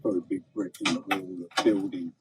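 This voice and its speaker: A man hosting a podcast, asking short questions and chiming in with quick agreement. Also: low voice, flat delivery, far from the mic. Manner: quick back-channel agreement, prompting questions. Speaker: podcast host. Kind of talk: casual interview.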